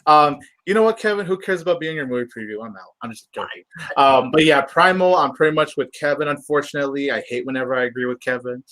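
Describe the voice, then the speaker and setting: Sarcastic young man, bright tone. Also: mid-range voice, quick pace, poor audio. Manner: sarcastic, joking, drifting with fillers. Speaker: podcast co-host. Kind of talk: casual movie preview chat.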